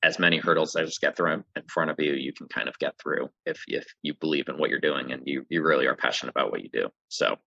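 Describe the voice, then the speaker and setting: A man with a very deep voice that still rings bright and forceful talks as a podcast guest. He sounds upbeat but hesitant, with plenty of "uh" and "um", and his audio comes through dull and lo-fi. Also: quick pace, gravelly, few pauses. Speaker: brewery owner, guest. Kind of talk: casual interview chat.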